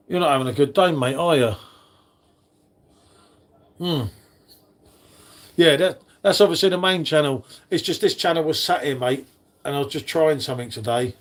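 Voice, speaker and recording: A man's voice: a little high, normal speed, pauses often. A man hosting a casual live stream, chatting with viewers in the chat by name. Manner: chatty, matey, talks to chat readers by name.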